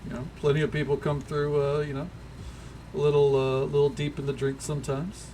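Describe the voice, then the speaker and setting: A man's voice: fairly high pitch, monotone, a little fast, dark tone, a little hiss or hum. A man with a faint Tennessee Southern accent, chatting casually with viewers while he games, rambling in an easygoing way full of fillers. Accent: light Tennessee Southern drawl. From Tennessee, USA. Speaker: streamer.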